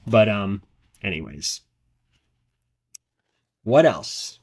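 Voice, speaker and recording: A man's voice: medium pitch, expressive, normal speed. A man hosting a podcast, telling personal stories in a rambling, earnest way with many restarts and repeated words. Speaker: podcast host. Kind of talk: casual podcast monologue.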